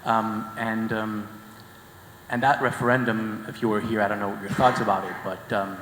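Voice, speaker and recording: A man with a low voice poses a long question from the audience, earnest but halting and full of fillers. The hall gives his voice a long, roomy reverb. Faint background noise sits underneath. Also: flat delivery, fairly bright tone. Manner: hesitant, many fillers, earnest. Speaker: audience member asking a question. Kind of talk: conference Q&A.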